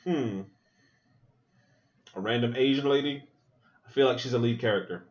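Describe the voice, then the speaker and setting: This man hosts a podcast where he watches a movie and comments casually, swearing freely and thinking aloud with animated asides. His mid-range voice moves at a moderate pace with long pauses, and the recording's highs are cut off.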